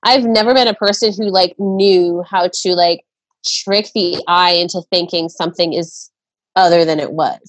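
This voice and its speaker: A woman's voice: lowish voice, steady tone, moderate pace, no echo. A young adult woman co-hosting a casual chat, chatty, crude and often laughing.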